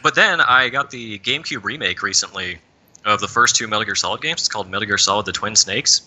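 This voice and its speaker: A man's voice: on the low side, quick pace, pushed and bright, poor audio. A man on a podcast telling a long, rambling story in casual chat, peppering his speech with "like.". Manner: rambling storyteller, leans heavily on "like". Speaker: podcast panelist.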